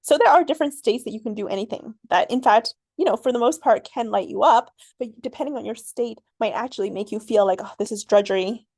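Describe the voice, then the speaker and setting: A woman hosting her own podcast, reflecting out loud in a rambling way, full of fillers and frequent laughs. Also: on the high side, quick pace, creaky, hardly any pauses, slightly rough, no echo. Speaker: podcast host. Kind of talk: reflective solo podcast monologue.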